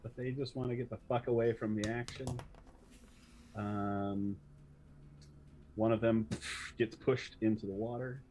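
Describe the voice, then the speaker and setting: Slow, halting man running a tabletop game. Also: lowish voice, steady tone, dark tone, a little hiss or hum. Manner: slow, hesitant narration with many ums. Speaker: game master.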